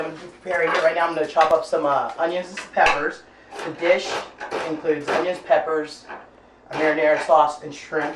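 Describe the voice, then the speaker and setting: A woman hosting her own cooking show, chatting loosely with many filler pauses as she tells a story while she cooks in her kitchen. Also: low-pitched, far from the mic. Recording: roomy sound, voice off-mic, faint noise.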